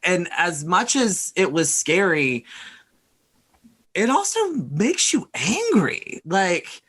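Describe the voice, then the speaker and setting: Indignant halting game narrator. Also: medium pitch, big pitch swings, fairly bright tone, husky. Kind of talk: narrating a tabletop role-playing game.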